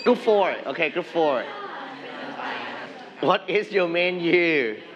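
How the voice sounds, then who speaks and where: A man teaching a class in a noisy room, his voice sitting a bit high. He draws out each word slowly and repeats the students' answers back to them. A crowd of students is heard throughout. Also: lively intonation, lo-fi sound. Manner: slow, drawn-out prompting, repeats students' answers. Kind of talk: classroom English lesson. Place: busy classroom. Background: chatter of a class.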